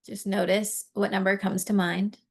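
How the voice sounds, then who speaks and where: A woman coaching a live tapping session, gently guiding listeners through each point and encouraging them as she goes. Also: medium pitch, flat delivery, moderate pace. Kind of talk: guided tapping lesson, live.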